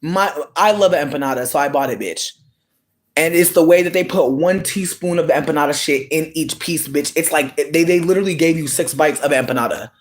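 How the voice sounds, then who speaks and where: A live streamer ranting in a casual, dramatic way, swearing often, calling viewers sweetie, and jumping into sudden squeals and drawn-out words. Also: mid-range voice.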